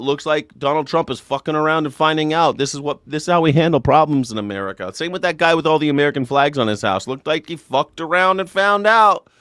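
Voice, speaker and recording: A man's voice: on the high side, a little fast, a bit bright, no room sound, clean studio sound. A man hosting a live call-in show, ranting sarcastically and profanely about politics and mocking people in put-on voices.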